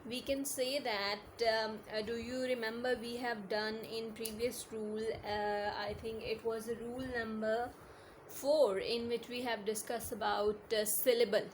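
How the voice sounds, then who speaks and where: A woman's voice: on the high side, steady tone, measured pace. Woman teacher, patient and repetitive, light hiss on the recording. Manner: patient, repetitive, asks "is that clear?" often; mixes English with Hindi-Urdu phrases. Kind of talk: online classroom lesson.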